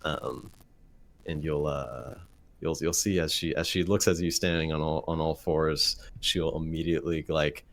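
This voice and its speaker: A man narrating as game master of a tabletop game, halting with many fillers and restarts. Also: very deep voice, steady tone, gravelly, fairly bright tone.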